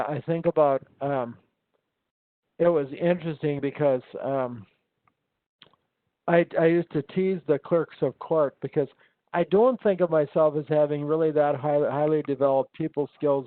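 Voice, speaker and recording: A man's voice: a little high, steady tone, normal speed, long pauses, no echo. A man, an instructor, telling stories in a casual conversation, rambling with many ums and restarts. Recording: tinny phone-like line.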